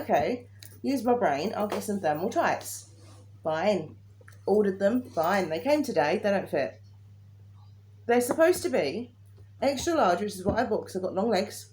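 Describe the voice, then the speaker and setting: A woman's voice: medium pitch, darkish tone. A woman, co-hosting a casual chat and ranting in an exasperated, chatty way. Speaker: podcast co-host. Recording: faint background noise.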